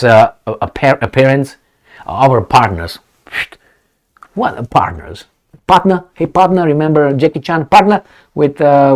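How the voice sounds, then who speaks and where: Guy vlogging his political takes, very lively up and down voice, rambly, keeps restarting, sarcastic. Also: mid-range voice. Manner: rambling, with restarts, retold movie scenes and sarcastic asides. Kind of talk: off-the-cuff spoken commentary.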